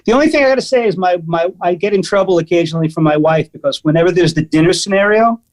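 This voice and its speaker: High male voice, guest on a chat show; animated, casual storyteller. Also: fast, rough recording. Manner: animated, lots of fillers and restarts. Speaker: guest musician.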